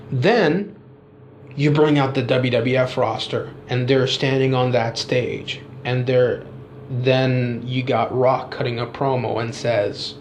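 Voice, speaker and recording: A man casually pitching his own version of a wrestling storyline, rambling and leaning heavily on "you know" fillers. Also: fairly even intonation, slow, darkish tone, roomy sound, slight background noise. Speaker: wrestling fan vlogger. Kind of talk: casual chat.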